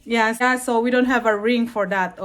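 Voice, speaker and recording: A woman's voice: fairly high pitch, fairly even intonation, moderate pace. A woman from the Philippines with a Filipino accent, vlogging at home in a giggly, emotional way. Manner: giggly, laughs often, emotional. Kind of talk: casual home vlog.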